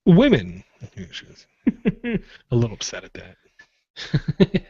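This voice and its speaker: A man in casual podcast banter, sore-throated and teasing. His voice sits a bit high and swings widely as he jokes. The recording is dry and a little dull. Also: extremely slow, husky, dry recording. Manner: joking, teasing, animated. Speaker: podcast co-host. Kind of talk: casual pre-show banter.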